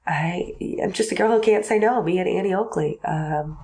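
A woman's voice: on the low side, moderate pace, a little mellow. A woman from the American Midwest, a comedian guest in a casual podcast chat, who rambles, giggles and pokes fun at herself. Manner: giggly, rambling, self-deprecating.

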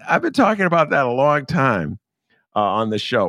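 Rambling male podcast host, lively voice. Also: medium pitch, moderate pace, dry recording, clean studio sound. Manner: rambling storyteller, many fillers and restarts. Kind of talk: casual political chat.

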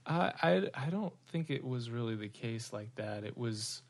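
A man speaking as a podcast guest, measured and soft-spoken. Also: medium pitch, lively intonation. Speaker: guest, dating show contestant. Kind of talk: casual podcast chat.

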